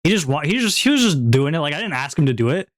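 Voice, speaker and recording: A man's voice: fairly high pitch, very animated, quick pace, no echo. A young man chatting casually on a stream, rambling, repeating himself and laughing often. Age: young adult.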